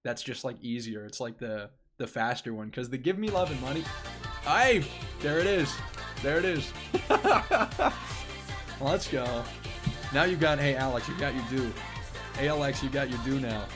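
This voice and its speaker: A man's voice: mid-range voice, normal speed, music in the background. A young man hosting a casual live stream, rambling and restarting his phrases as he talks to his chat.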